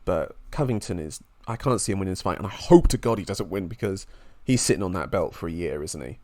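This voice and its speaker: A man's voice: sits low, animated, fast, dark tone, no room sound. A man co-hosting a sports podcast in casual chat, enthusiastic and openly emotional. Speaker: podcast co-host.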